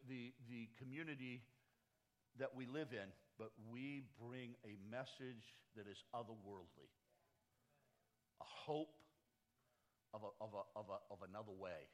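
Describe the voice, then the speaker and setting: A man's voice: mid-range voice, unhurried, pauses often. A man with a Northeastern US accent preaching a sermon to a church conference, stacking short phrases into lists and restarting often. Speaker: pastor addressing a church conference.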